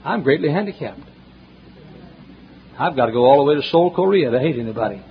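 A man preaching a sermon, telling folksy stories and swinging between loud emphatic questions and hushed asides, in a church. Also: medium pitch, lively intonation, brisk, slight background noise. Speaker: pastor. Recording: dull lo-fi sermon recording, faint ambience.

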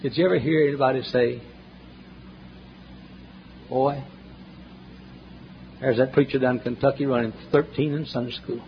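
Preacher guy in church, folksy storytelling, loud then hushed, lo-fi tape with faint hum. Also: mid-range voice, creaky. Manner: folksy storytelling, swings from loud emphatic questions to hushed asides. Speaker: pastor. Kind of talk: sermon. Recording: dull lo-fi sermon recording, faint ambience.

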